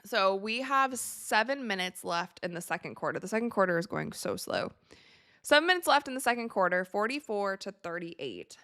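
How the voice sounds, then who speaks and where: A young woman from the United States hosting a live watch party, chatting casually with viewers and reacting excitably to the game. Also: medium pitch, normal speed, dry recording, clean studio sound. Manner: chatty, excitable, reads viewer messages aloud. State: tired, yawning.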